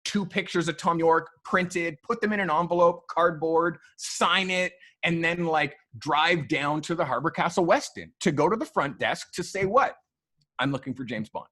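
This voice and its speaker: A man with a slightly high voice tells a long story casually. He is animated, swears freely and acts out the voices of the people he talks about. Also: moderate pace. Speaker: photographer guest. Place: podcast studio.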